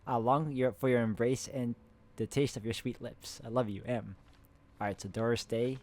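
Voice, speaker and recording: A man of middle pitch plays through a puzzle game with a friend. He reads in-game letters aloud in a plain, even voice. Between passages he breaks off to chat and laugh with her. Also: normal speed. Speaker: host, playing a co-op puzzle game. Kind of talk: casual game commentary, reading in-game letters aloud.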